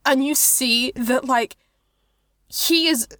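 A woman's voice: sits high, takes it slowly, sharp tone, no room sound, studio quality. A woman narrating a tabletop game as game master in a casual, loose way.

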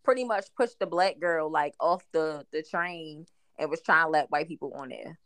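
A woman in a casual podcast chat, expressive and playful as she tells what she saw. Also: deep voice, normal speed, no room sound.

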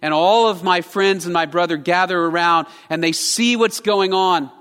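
A man preaches a sermon in an earnest, conversational storytelling manner. His voice sits high and bright. It rings out in a church hall with a long, lingering reverb. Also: normal speed, clear, resonant tone. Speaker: pastor. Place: church sanctuary.

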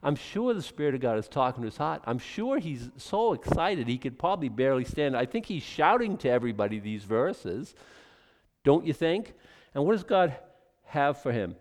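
A man preaching a sermon in an animated, excitable way, often stopping and restarting his sentences. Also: mid-range voice, normal speed, big-room sound. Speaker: pastor.

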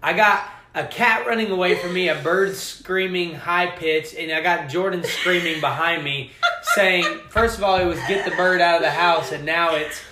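A man's voice: high voice, normal speed, echoey room, noisy background. A young man co-hosting a casual podcast, telling his side of a story in a joking, defensive way. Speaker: podcast co-host.

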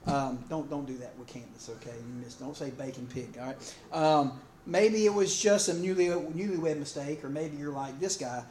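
Rambling, higher-voiced male preacher, echoey hall. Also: moderate pace, hardly any pauses, darkish tone. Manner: conversational, rambling, many fillers and restarts. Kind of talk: sermon with humorous stories. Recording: echoey room, faint ambience.

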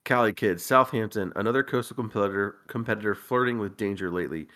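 A man hosting a casual podcast, reading a listener's list aloud with wry, deadpan asides and frequent chuckles. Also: on the low side, quick pace. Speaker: podcast host.

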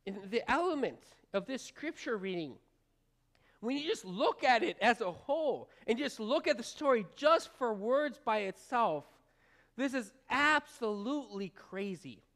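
High-voiced woman pastor, casual sermon. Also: animated, measured pace, a bit bright. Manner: informal, rambling, with frequent fillers and restarts; folksy, talks straight to the congregation. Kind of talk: conversational sermon.

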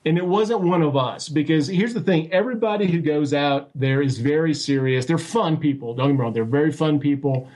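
A man telling a story as an interview guest, animated and full of restarts and acted-out quotes. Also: on the high side, brisk, few pauses. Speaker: guest recounting a sighting. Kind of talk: casual storytelling.

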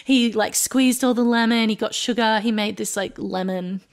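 Woman, podcast co-host, casual chat, fairly high voice, laughs often. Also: fairly even intonation, normal speed. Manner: chatty storytelling, frequent laughter and filler words. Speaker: fertility coach.

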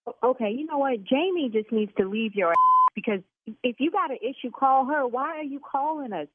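A woman who owns a salon, arguing brashly on a phone call and getting loud and cursing. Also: high voice, expressive, brisk, slightly rough, no room sound. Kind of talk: heated phone argument. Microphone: telephone. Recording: tinny phone line.

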